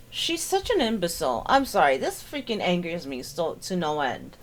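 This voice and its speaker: A woman's voice: on the low side, wildly swooping pitch, normal speed, a little hiss or hum. A woman hosting a reaction commentary, sarcastic and exasperated as she picks apart a clip. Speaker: commentary host.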